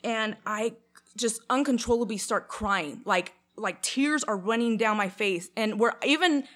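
A woman's voice: on the high side, unhurried. A young woman from Canada telling a long personal story in casual chat, with lots of fillers and acted-out quotes. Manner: animated, many fillers, acts out quotes.

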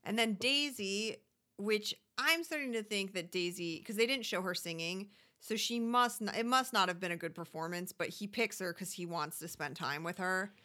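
Woman co-host, bright and crisp tone, casual sarcastic banter. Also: mid-range voice, moderate pace. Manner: chatty, sarcastic, acts out quotes in squealy voices. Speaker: podcast co-host recapping a reality show. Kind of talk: casual chat.

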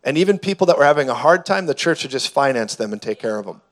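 A man preaching a fervent sermon to a congregation in a church, building at times to shouts. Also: medium pitch, expressive, quick pace. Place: church hall before a congregation.

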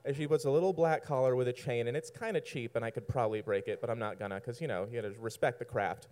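A man's voice: mid-range voice, quick pace, darkish tone. A man telling a personal story to an audience, rambling and self-mocking, often laughing at his own lines.

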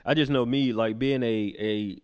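A young man from the American South in a casual chat, relaxed and laughing often, drawing out his words. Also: medium pitch, moderate pace.

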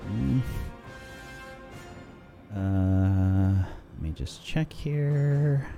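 A man narrating as game master in a tabletop game, relaxed and thinking aloud as he goes. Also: low-pitched, extremely slow, vocal fry, dull audio, over music.

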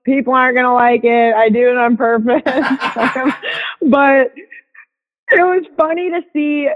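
Shrill woman on a tinny call line. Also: steady tone, unhurried. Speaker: guest. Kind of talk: casual podcast chat. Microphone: remote call.

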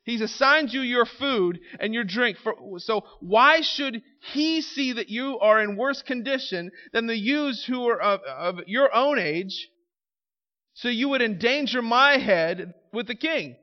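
A man's voice: very high voice, lively intonation, a little slow, dull audio, pitched above the performer's own voice. A man playing a nervous royal official. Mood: worried. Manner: anxious, pleading. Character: nervous male royal official, anxious about his king.

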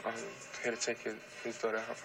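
A man's voice: mid-range voice, monotone, quick pace, a bit bright, soft background music, lightly acted, poor audio. An actor playing a nervous teen boy who gives meek, short answers in a film scene. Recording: film score behind.

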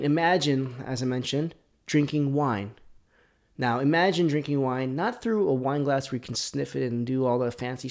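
A man hosting his own podcast, chatting casually through a whiskey tasting, rambling and correcting himself, often dropping into muttered near-whispers. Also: medium pitch. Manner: drops to near-whispers between louder bursts. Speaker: podcast host.

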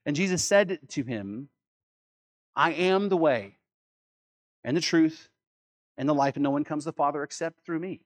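A man with a fairly high voice preaching a sermon. He is emphatic, repeats key words and asks rhetorical questions. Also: moderate pace, pauses often. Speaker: pastor.

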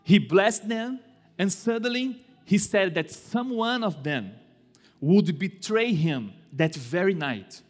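Slow, deliberate male pastor preaching. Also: expressive, soft background music. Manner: slow, deliberate delivery with dramatic swings in pitch and loudness. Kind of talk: sermon. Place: church. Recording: echoey church hall.

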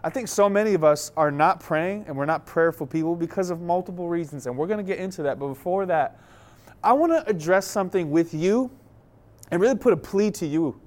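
Animated young male pastor, out of breath. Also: high-pitched, fairly quick. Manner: animated, playful storyteller acting out scenes. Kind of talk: sermon with storytelling.

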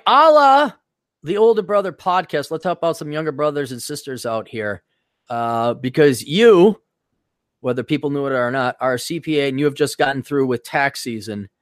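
A man's voice: a little high, no echo, studio quality. A middle-aged man with an Upper Midwest American accent, hosting a casual podcast chat in a rambling, wisecracking way. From Milwaukee, US. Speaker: podcast host.

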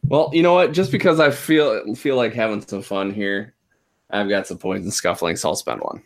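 A man's voice: on the low side, moderate pace, slight background noise. A man playing a tabletop game, laid-back and jokey. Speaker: player. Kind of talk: casual tabletop role-play chat.

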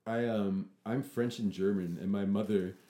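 A man with a low, mellow voice chats casually, laughing along and asking questions. His voice rings in an echoey room. He sounds relaxed and conversational. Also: moderate pace. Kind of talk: casual chat.

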